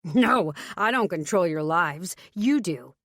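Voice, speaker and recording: A woman voicing a furious, protective older brother in an audiobook, speaking low and slow through clenched anger. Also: lively intonation, fairly bright tone, no echo, clean studio sound, exaggerated voice. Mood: angry.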